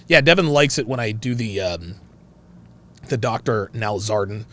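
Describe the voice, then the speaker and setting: A man hosting a livestream, reading chat and joking in an animated, laugh-filled style. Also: medium pitch, a little slow, pauses often, a little hiss or hum. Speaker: host. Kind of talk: casual livestream commentary.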